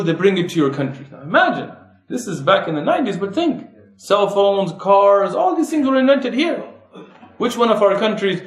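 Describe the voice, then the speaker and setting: Male preacher, high voice, fervent rhetorical delivery, recorded in a reverberant mosque hall. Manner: impassioned, rhetorical questions, rising emphasis. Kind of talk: sermon.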